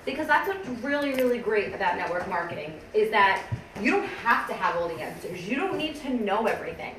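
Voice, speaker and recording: A woman's voice: mid-range voice, very animated, a little fast. A woman gives a casual, upbeat training talk to a small group, chatting and laughing often. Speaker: team trainer. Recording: echoey room from a distance, faint background noise.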